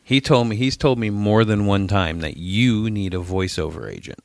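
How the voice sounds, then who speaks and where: A man co-hosting a podcast, chatting casually and cracking dry deadpan jokes. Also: lowish voice, normal speed, no room sound. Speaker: podcast co-host. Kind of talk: casual chat.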